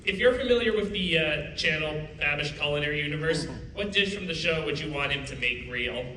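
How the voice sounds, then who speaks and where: A man's voice: fairly high pitch, lively intonation, fairly quick, a crowd in the background. A man from the audience eagerly asking a panel question, apologizing and stumbling a little. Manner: eager, apologetic, with ums and uhs. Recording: echoey hall, distant mic.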